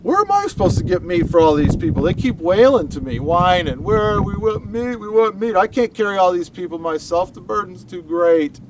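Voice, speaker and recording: A man putting on a worn-out old leader who pleads to the heavens, anguished and exasperated, his voice shooting up high and loud. It sounds distant from the mic, with faint traffic outside. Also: lively intonation, moderate pace, few pauses. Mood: pleading, exasperated.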